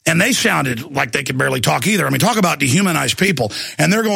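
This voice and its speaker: A man's voice: sits high, animated, fast talker, vocal fry, bright, forceful tone, slightly rough, dry recording. A man hosting a talk radio show, telling a story in an intense, emphatic monologue from a studio.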